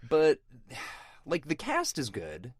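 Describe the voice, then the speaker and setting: A man's voice: on the high side, wildly swooping pitch, slow pace, husky, no echo, studio quality. A man in his thirties co-hosting a podcast, chatting casually and rambling with many fillers. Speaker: podcast co-host. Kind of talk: casual chat.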